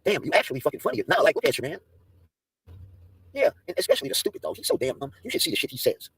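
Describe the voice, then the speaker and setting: A man's voice: on the high side, huge pitch swings, racing, fairly bright tone, husky, no echo. A man on a livestream ranting in a brash, profane, mocking way and roasting people in casual talk.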